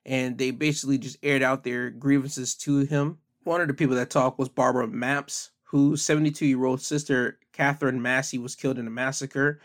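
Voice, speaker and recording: A man's voice: medium pitch, level tone, moderate pace, hardly any pauses. A man talks through the news in a loose, conversational way, as if chatting to his viewers. He leans on "uh" and "um" fillers and sounds unscripted. His voice sits in an ordinary middle range. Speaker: commentator. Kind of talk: casual news commentary.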